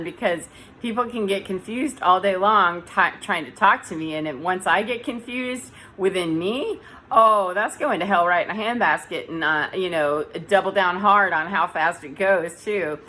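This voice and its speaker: A woman's voice: lowish voice, normal speed, bright, forceful tone, slight background noise, low-quality recording. A woman talking casually to camera in a dim room, rambling and correcting herself as she goes. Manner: rambling, self-correcting, chatty. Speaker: vlogger.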